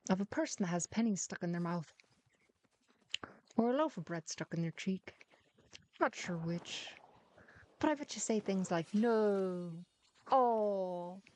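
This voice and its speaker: A woman gives loose, chatty commentary as she plays, teasing and talking half to herself. Her voice sits a touch lower than most women's. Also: lively intonation, normal speed, long pauses, darkish tone. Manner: chatty, teasing, mutters to herself while playing. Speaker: gaming streamer. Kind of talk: casual gameplay commentary.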